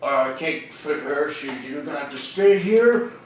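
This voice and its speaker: A man's voice: on the high side, lively intonation, normal speed, slight background noise, pitched below the performer's own voice, lightly acted. A man doing General Bullion, a folksy drawling alien general. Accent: Texan-tinged Sean Connery impression. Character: jovial bored male alien general, hunter leader. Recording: echoey room, mic far off.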